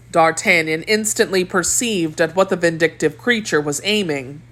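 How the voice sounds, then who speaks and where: A woman reading an audiobook of a classic novel in a measured, expressive storytelling manner. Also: lowish voice. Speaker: audiobook reader. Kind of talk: audiobook narration.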